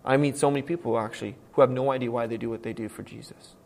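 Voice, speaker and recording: A male pastor preaching a sermon with earnest emphasis, moving between hushed and loud, emphatic passages. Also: medium pitch, steady tone, rapid-fire, creaky. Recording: long reverb from a large hall.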